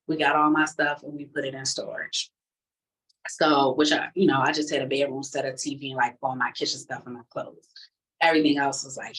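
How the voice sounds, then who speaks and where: A woman tells her personal testimony in a relaxed, conversational way. Her voice sits fairly low, and she animates the story by acting out the people in it. She sounds a little distant from the microphone. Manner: casual, conversational speech.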